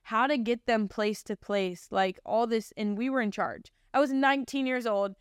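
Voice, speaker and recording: A woman's voice: a little high, fairly even intonation, moderate pace, clear, resonant tone, no room sound, clean studio sound. A young woman in her twenties hosting a podcast and telling a personal faith testimony in a rambling, chatty way, full of fillers and earnest feeling. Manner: rambling, filler-heavy storytelling; earnest and emotional. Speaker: podcast host. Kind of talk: personal testimony, casual chat.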